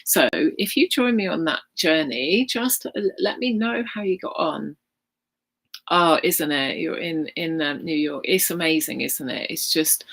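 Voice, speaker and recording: Low husky British woman, soft chatty. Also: lively intonation, measured pace. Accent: British, softened London. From England. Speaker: spiritual coach and healer leading a live session. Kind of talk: guided meditation and live chat. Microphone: video call.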